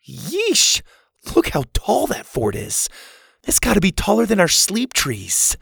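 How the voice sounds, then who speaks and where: A man's voice: high voice, huge pitch swings, unhurried, vocal fry, breathy edge, dry recording, studio quality, voice pushed up, heavily acted. A man reading a storybook voices a nervous, complaining boy camper in a raised, lighter voice. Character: boy camper, jumpy and wary.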